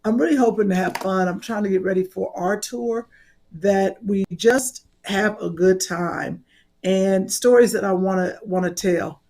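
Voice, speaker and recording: A woman co-hosting a casual podcast, talking loudly with laughter and halting restarts. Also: medium pitch. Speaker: co-host.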